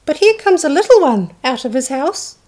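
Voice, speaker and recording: A woman reading a picture book aloud to children, slow and expressive, voicing the characters. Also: high-pitched. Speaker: childcare storyteller.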